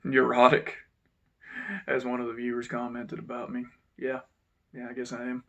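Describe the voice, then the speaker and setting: A man, telling a personal story to his channel's viewers in an unhurried, reflective way that sometimes drops to a low mutter. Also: monotone, vocal fry, fairly bright tone, highs cut off. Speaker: channel host. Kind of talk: casual storytelling monologue.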